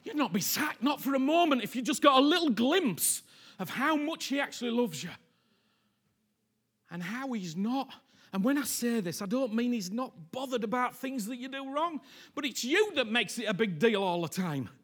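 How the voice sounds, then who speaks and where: A man preaching a sermon, impassioned, repeating phrases and swinging from hushed near-whispers to loud pleas. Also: extremely high pitch, expressive, moderate pace, slightly rough.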